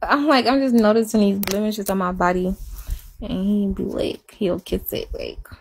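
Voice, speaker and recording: A woman chatting casually and confessionally, rambling and repeating herself, sometimes dropping to a hush. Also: medium pitch, fairly even intonation, moderate pace, gravelly, breathy edge. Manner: rambling, repeats herself, soft and hushed at times. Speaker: live-stream chatter.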